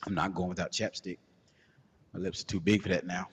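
A man hosting a podcast, telling a crude comedic story in a loose, animated way and laughing as he goes. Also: low voice, a little fast, slightly rough. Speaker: podcast host. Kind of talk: casual comedic storytelling rant. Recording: long hall reverb.

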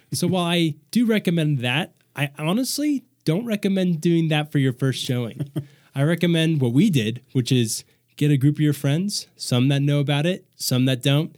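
A man's voice: mid-range voice, darkish tone, dry recording. A young man talks through a casual podcast chat, loose and rambling, often doubling back mid-sentence. His voice sits in an ordinary middle register. The sound is dry and close, with no room around it. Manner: chatty, rambling with restarts and laughter. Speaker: podcast host.

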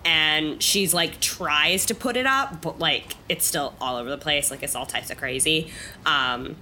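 A woman's voice: deep voice, unhurried, pushed and bright, slight background noise. A woman playing a tabletop game, chatty and full of "like". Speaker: player. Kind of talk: casual tabletop play.

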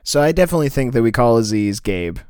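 A man co-hosting a comedy podcast, firing off quick questions and dry jokes. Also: mid-range voice, expressive, a little mellow, smooth. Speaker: podcast co-host. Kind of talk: casual comedy podcast banter.

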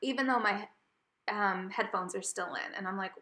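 A woman co-hosting a podcast, telling a story in casual chat, animated and laughing often. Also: mid-range voice, moderate pace, reverberant. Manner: animated, laughing often, gets loud when retelling. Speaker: podcast co-host.

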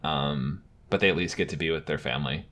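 A man co-hosting a casual chat, talking in a halting, hesitant way that trails off. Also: a bass voice, fairly bright tone. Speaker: podcast co-host.

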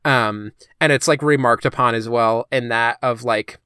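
Smooth-voiced man, chatty podcast co-host. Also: medium pitch, moderate pace, pushed and bright, dry recording, studio quality. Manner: chatty, heavy use of "like" and "um". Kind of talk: casual discussion.

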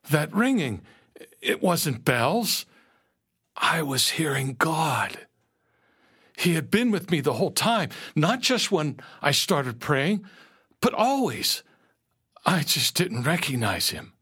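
A man narrating a first-person story slowly and earnestly, dropping to a hush at moments. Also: medium pitch, husky. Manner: slow, earnest storytelling with quiet hushed moments.

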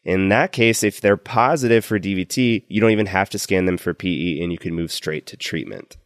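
A man's voice: low voice, brisk, no echo, studio quality. A man speaking as a clinician co-host on a medical teaching podcast, explaining in an opinionated way.

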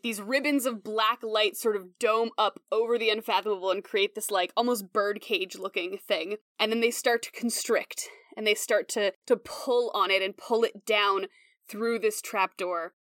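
A young woman running a tabletop game as game master, narrating in an animated way, full of "like" fillers. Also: mid-range voice, normal speed, no echo, studio quality. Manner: animated, lots of "like" fillers, breaks into character voices.

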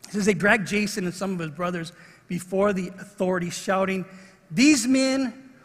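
A middle-aged man preaches with a high, husky voice that rings out through a large hall. He tells a story in an animated way and acts out the people in it. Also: brisk. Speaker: pastor. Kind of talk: sermon with a personal story. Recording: long reverb of a large hall.

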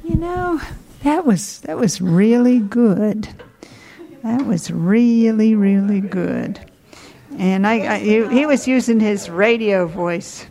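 A woman's voice: medium pitch, lively intonation, slow pace, gravelly, warm tone. A woman hosting a poetry reading, chatting and introducing the next reader. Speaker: host of a reading evening.

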